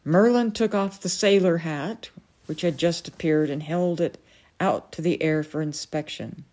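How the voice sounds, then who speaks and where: A woman reading a novel aloud as a storyteller, measured and unhurried. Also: low voice, dark tone.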